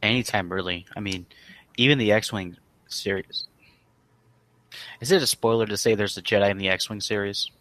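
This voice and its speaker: A young man co-hosting a casual podcast, chatting in a relaxed way with lots of fillers. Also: lowish voice, normal speed, pauses often. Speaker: podcast co-host.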